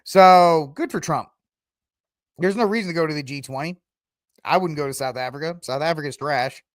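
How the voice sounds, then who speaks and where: A man's voice: fairly high pitch, normal speed, no room sound. Sarcastic male podcast host, dry sound. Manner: sarcastic, reads headlines then breaks into rambling asides. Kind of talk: news commentary podcast.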